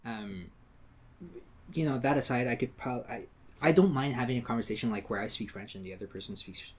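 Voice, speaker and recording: A man's voice: medium pitch, fast talker. A man co-hosting a podcast, chatting casually with frequent laughs and the odd swear word. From Quebec. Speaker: podcast co-host. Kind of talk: casual chat.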